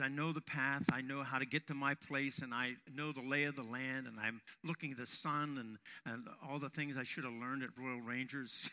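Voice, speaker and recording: A man preaching a sermon to young men, telling a personal story and raising his voice to a shout at dramatic moments. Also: mid-range voice, normal speed. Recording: long hall reverb.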